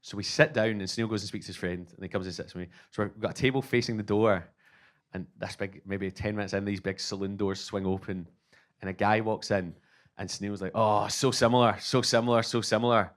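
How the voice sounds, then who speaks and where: A Scottish man in his thirties doing stand-up, telling an animated, self-mocking story and acting out both sides of the conversations. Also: fairly low pitch, fairly quick. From Scotland. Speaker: stand-up comedian.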